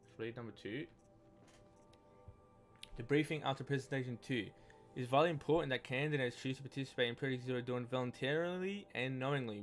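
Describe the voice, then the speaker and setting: A man giving casual gameplay commentary, reading in-game texts aloud in a rambling, hesitant way with many restarts. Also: mid-range voice. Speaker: let's play gamer.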